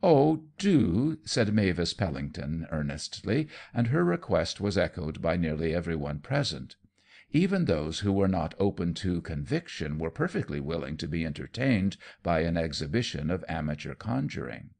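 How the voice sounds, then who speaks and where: A man reading a short story aloud as an audiobook narrator, measured and expressive. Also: low voice, creaky. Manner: measured, expressive reading that voices every character.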